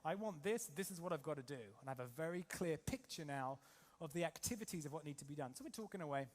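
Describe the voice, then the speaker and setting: A man from England coaching a live seminar crowd, talking very fast in a slightly high voice. He is punchy and energetic, pushing the room with rhetorical questions and quick asides. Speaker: trading coach and seminar speaker. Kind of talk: motivational seminar talk to a live audience.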